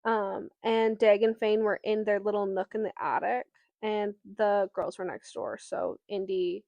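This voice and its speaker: A woman's voice: mid-range voice, measured pace, vocal fry, darkish tone, no echo, highs cut off. A woman co-hosting a podcast, recapping a novel's plot in casual chat with fillers and some swearing. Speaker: podcast co-host. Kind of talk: casual book discussion.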